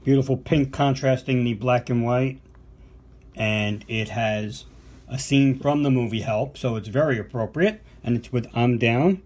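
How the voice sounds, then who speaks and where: A man's voice: medium pitch, measured pace, darkish tone. Chatty older man unboxing records. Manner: enthusiastic, chatty with fillers and asides. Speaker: podcast co-host and vinyl collector. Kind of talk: casual unboxing show-and-tell.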